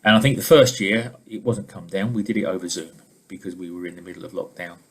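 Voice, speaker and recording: Brief: middle-aged male coach, fairly low voice, easygoing storyteller presenting a webinar from home. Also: fast, husky. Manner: relaxed, conversational storytelling. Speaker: leadership trainer and coach. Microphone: video call.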